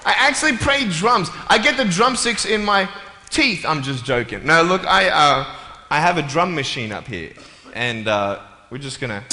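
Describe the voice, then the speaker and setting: A man's voice: a little high, lively intonation, bright, forceful tone, faint music behind. A man giving a humorous, playful talk to a live audience, joking and chatting with them. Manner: playful and jokey, with quick asides. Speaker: motivational speaker. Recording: echoey hall with faint room ambience.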